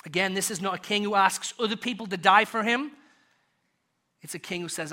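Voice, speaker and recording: A British man preaching a sermon to his congregation. He asks rhetorical questions and swings from loud to soft. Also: sits high, brisk. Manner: rhetorical questions, builds and drops in volume. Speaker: pastor.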